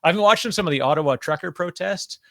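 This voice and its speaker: A man's voice: high voice, fast talker, creaky, bright, forceful tone. A Canadian man hosting a podcast, chatting enthusiastically and casually, poking fun at himself. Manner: enthusiastic, chatty, self-deprecating. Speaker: podcast host. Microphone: podcast microphone.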